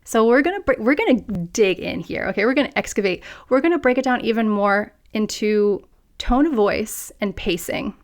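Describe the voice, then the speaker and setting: A woman's voice: mid-range voice, moderate pace. A woman hosts a solo podcast and coaches her listeners on how they come across. Her voice sits in a middle range, and she talks to the audience directly, adding playful asides along the way. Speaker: podcast host. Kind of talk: scripted solo podcast talk.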